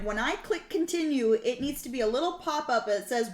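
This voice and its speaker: A woman's voice: sits high, animated, brisk. A young woman streaming a casual language lesson, chatty and rambling, laughing often between points. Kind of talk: casual live-stream chat. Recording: roomy echo.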